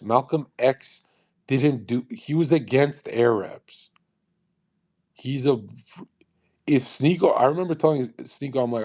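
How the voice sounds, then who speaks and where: Young guy ranting on a live audio stream, swears a lot, sarcastic, laughs at his own bits, mid-pitch voice. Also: a little mellow. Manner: profane, sarcastic, fast bursts, laughs at own jokes.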